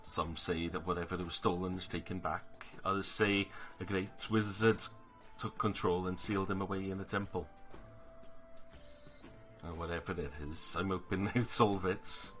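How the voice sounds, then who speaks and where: A man's voice: deep voice, normal speed, faint music behind. A man running a tabletop game as game master, narrating with theatrical flair. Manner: theatrical, animated storytelling.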